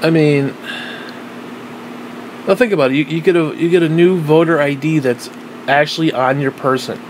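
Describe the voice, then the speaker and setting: A man's voice: fairly high pitch, steady tone, normal speed, a little hiss or hum. A man giving a blunt, profane monologue, repeating himself insistently and recording himself on a tablet. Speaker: vlogger. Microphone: tablet microphone.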